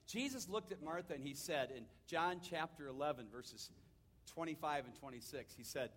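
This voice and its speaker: A man with a high-pitched voice delivers a sermon as a vivid story. He swings between loud, urgent lines and hushed ones, acting out the people he quotes. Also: expressive, normal speed, slightly rough. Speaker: pastor.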